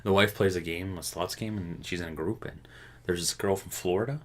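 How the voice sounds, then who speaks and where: A man from Canada co-hosting a casual news chat, animated and swearing, acting out quotes in high voices. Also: brisk. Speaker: podcast co-host.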